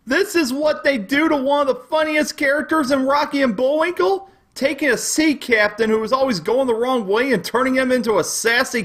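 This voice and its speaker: Guy doing a squeaky southern hothead, voice like it never broke, yells and swoops all over at cartoon reviews, bit husky. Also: exaggerated voice. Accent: Southern US, put on. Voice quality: high, unbroken-sounding voice. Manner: overreacting, shrill ranting. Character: whiny hotheaded young southern cartoon-critic man. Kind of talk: comedic web review sketch.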